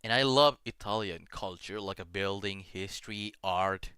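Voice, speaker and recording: A man chatting as a guest on a stream, excitable, laughing loudly and talking with many fillers. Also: deep voice, moderate pace, clean tone, dry recording. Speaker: guest Vtuber. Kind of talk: casual collab stream chat.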